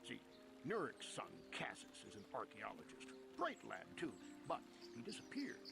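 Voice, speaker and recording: A gravelly, folksy farmer settler. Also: male voice, mid-range voice, huge pitch swings, moderate pace, music in the background, exaggerated voice. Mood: chatty. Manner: folksy, rustic, plain-spoken. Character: middle-aged male farmer settler, chatty and helpful. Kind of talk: video game dialogue. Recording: game audio with background noise.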